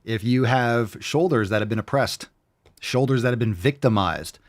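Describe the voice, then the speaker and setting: A man's voice: mid-range voice, normal speed. A man hosting a fitness show in casual livestream chat, brash and joking, swearing freely.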